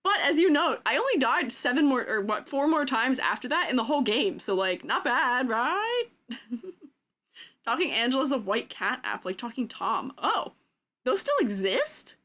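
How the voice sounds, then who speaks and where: A woman's voice: high voice, sing-song, unhurried, a bit bright. A young adult woman streaming, chatting casually and giggling with her viewers. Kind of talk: casual chat.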